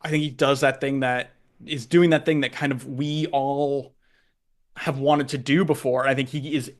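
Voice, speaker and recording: A man's voice: medium pitch, little pitch movement, normal speed. A man co-hosting a podcast, chatting casually about sports, talking hesitantly with many restarts and fillers while he thinks aloud. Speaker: podcast co-host.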